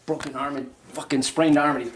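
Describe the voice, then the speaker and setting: A man angrily ranting and swearing in his house while shouting at his family. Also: a little high, fairly even intonation, moderate pace. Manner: angry, swearing, shouting in a rant. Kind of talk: casual ranting. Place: inside a house. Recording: echoey, noisy home video recording.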